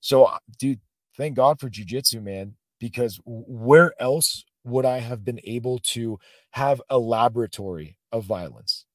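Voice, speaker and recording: A man guest on a podcast telling a story in a casual way. His voice jumps from loud bursts to quiet asides. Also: mid-range voice, a little slow, no echo.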